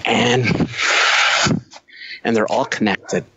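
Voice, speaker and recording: A man's voice: medium pitch, steady tone, drawn-out words, highs cut off, background noise. Profane male veteran telling a war story. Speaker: podcast guest, Marine veteran. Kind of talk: casual storytelling.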